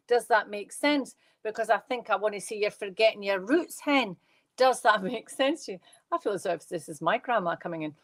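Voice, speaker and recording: A Scottish woman giving live psychic readings from her bedroom at home, talking fast and chatty, with rambling restarts. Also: mid-range voice, fairly bright tone, dry recording.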